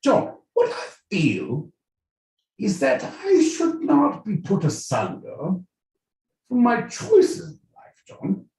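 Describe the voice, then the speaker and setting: A man's voice: very high voice, wildly swooping pitch, slow pace, vocal fry, a little mellow, voice pushed up, full character voice. A man voicing a pompous British man loyal to his queen, in an exaggerated mock British accent with grand, swooping delivery. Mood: grandiose. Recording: echoey room, mic at a distance.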